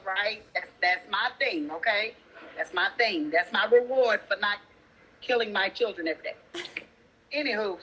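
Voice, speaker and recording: A single mother and teacher telling a story in a sassy, animated way, talking straight to her listeners. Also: medium pitch, a little hiss or hum, rough recording. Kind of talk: casual storytelling.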